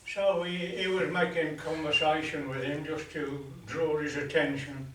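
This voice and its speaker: A man spins long jokes for a club crowd, unhurried and halting, full of little pauses. His voice sits a touch high for a man. It comes from across an echoey room with a faint hum of ambience behind. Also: flat delivery, recorded from a distance. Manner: unhurried, halting delivery with many uhs. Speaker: joke teller at a folk club. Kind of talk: telling long shaggy-dog jokes to a live audience. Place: folk club room, live performance.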